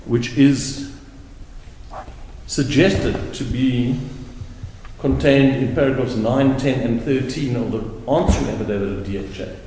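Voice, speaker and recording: A male advocate giving a deliberate, emphatic courtroom argument, repeating words for stress. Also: medium pitch, dark tone, a little hiss or hum. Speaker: advocate arguing an appeal. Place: large courtroom. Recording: very echoey courtroom with long reverb.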